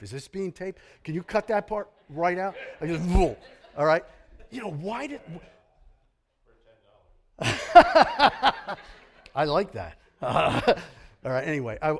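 A middle-aged man preaching a sermon as pastor, animated and jokey, slipping into grumbling impressions. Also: a little high, slow, pauses often.

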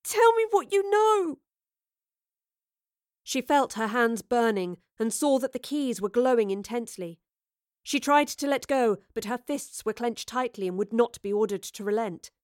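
A woman reading a story aloud in a steady, even narration. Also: on the high side, normal speed, no room sound, clean studio sound. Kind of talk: audiobook narration.

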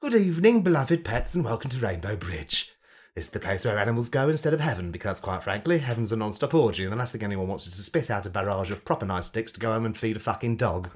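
A camp, chirpy afterlife greeter for pets, as a man puts him on. His pitch swoops all over in a sing-song, theatrical way. A comedic podcast performance. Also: animated, fast talker, natural voice. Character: camp male afterlife welcome guide for dead pets.

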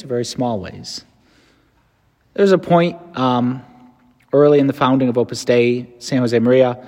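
A priest delivers a meditation in a somewhat raised voice, earnest and emphatic, with relaxed conversational asides. His words ring out with a long reverb that suggests a large hall. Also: a little high. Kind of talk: spoken meditation with scripture.

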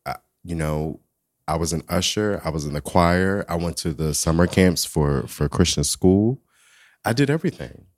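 A man co-hosting a podcast, with a very low, deep voice. He speaks calmly and reflectively, adding the odd playful aside. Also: normal speed. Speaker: podcast co-host. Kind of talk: casual podcast chat.

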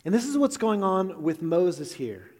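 A male pastor in his thirties preaches in an earnest, storytelling way, now and then poking gentle fun at himself. His voice sits a little high for a man. A long reverb hangs on it from the church sanctuary. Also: very animated, measured pace. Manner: earnest storytelling with gentle self-deprecating humor. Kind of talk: sermon.

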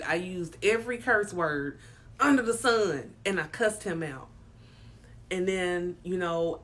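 Low-voiced woman, slow frank storytelling. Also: a bit bright, slight background noise. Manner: frank and emphatic, swears casually. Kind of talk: candid personal storytelling.

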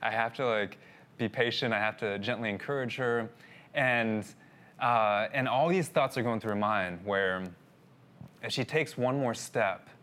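A man's voice: fairly low pitch, fairly bright tone. A man telling a personal story in a sermon, talking casually and addressing his listeners as guys. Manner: conversational, addresses audience as guys. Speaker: pastor.

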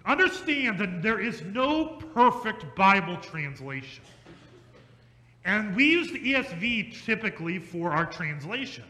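A male pastor preaching an emphatic, repetitive sermon that slows down for stress and speeds up in asides. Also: high-pitched, sing-song, bright, forceful tone. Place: church sanctuary. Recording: echoey church hall.

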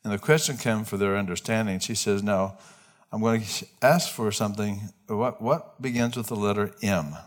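A man's voice: lowish voice, fairly even intonation, normal speed. Male pastor preaching a conversational sermon. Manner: conversational preaching with frequent restarts and questions to the congregation. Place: church.

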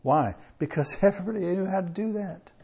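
A man preaching a sermon in a conversational way, with chuckles and slow emphatic pauses. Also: high voice, vocal fry, warm tone, slightly rough.

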